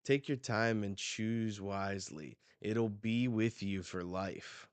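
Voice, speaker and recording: A man voicing an old, calm, wise male pirate captain who speaks slowly and in a measured way. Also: lowish voice, clear, resonant tone, dry recording.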